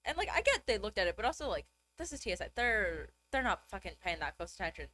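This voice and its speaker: A woman's voice: mid-range voice, big pitch swings, fast, sharp tone, slight background noise. A woman in casual chat, rambling chattily with lots of filler. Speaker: co-host.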